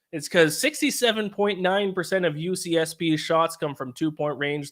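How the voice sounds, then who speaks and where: Male betting podcast host, bright, a bit higher voice, leads the chat. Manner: leads the segments and asks his co-host questions. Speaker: sports betting show host.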